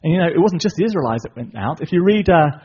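Male preacher, husky, animated storytelling with asides; dull recording. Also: on the high side, quick pace. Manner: lively retelling, asides to the audience. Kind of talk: sermon storytelling.

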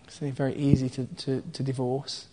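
A man in the middle of his pitch range gives a sermon in an easy, conversational way. He walks through a scripture passage line by line, stopping to explain and check in with his listeners. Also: monotone, moderate pace. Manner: explains scripture line by line with asides and soft laughs. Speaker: preacher. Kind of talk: conversational Bible teaching.

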